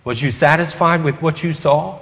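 A man's voice: a little high, moderate pace, vocal fry, a bit bright. A man preaching an evening sermon, earnest, putting question after question to the congregation. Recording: long reverb of a hall.

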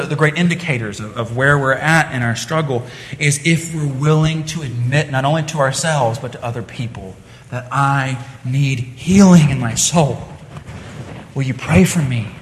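Earnest male preacher, conversational sermon delivery, restarts phrases, long church-hall reverb. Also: medium pitch.

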